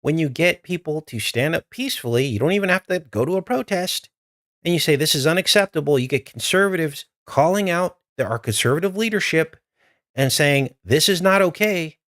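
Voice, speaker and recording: A man's voice: on the high side, expressive, brisk, a bit bright, no room sound, clean studio sound. A man hosting a live stream, talking straight to his viewers in an urgent, earnest way. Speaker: livestream host.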